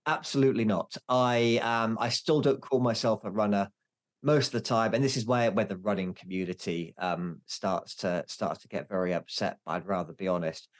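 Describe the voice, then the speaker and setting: Guy in his 40s on a podcast, kinda low voice, jokes at his own expense, lots of restarts. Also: fairly even intonation, moderate pace. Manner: candid, self-mocking, many restarts. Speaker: podcast guest. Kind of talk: casual interview chat.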